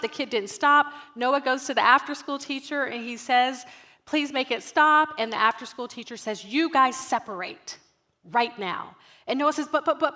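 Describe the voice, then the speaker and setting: A woman in her thirties gives a storytelling talk at a ministry gathering, speaking directly to her listeners. Her voice sits a little high and sounds bright and forceful. She is animated and acts out each exchange as she goes. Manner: animated, acts out dialogue, addresses the audience directly. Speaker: guest speaker at a youth ministry night.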